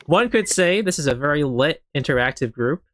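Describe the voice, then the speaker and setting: A man's voice: a little high, expressive, brisk, a bit bright, no echo. Young man, podcast host, playful, joking, dry sound. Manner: playful, joking, laughs between lines. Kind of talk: casual chat among friends.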